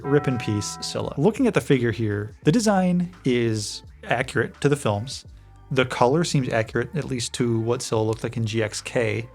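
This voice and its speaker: Brief: male toy-review host, gravelly fry, excitable goofy exclaims, faint music under. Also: medium pitch. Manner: excitable, goofy exclamations, chatty asides to viewers. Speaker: toy collector channel host. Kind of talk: casual reaction commentary.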